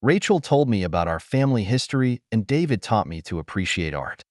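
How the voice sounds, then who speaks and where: A man narrating a first-person audio story in a steady, even storytelling delivery. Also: on the low side, fairly quick, dry recording, clean studio sound.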